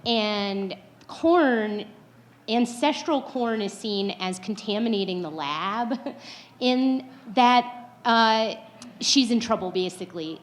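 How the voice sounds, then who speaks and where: A woman on a panel, casually describing an example with animated energy. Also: mid-range voice.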